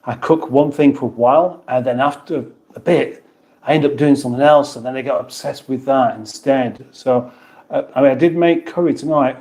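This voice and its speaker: A British man hosting a casual livestream, reading viewers' comments aloud and answering them with dry, rambling banter. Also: mid-range voice. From United Kingdom. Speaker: livestream host.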